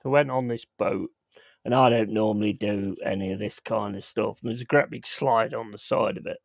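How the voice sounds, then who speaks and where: A man's voice: fairly low pitch, moderate pace, creaky, a crowd in the background. A man telling rambling, profane holiday stories in a casual podcast chat. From England. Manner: profane, laughing, rambling anecdotes. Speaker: podcast host.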